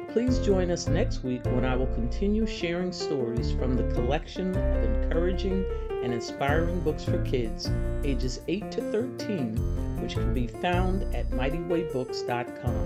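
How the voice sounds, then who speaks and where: A woman reading a children's story aloud, gentle and measured. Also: deep voice. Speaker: storybook reader.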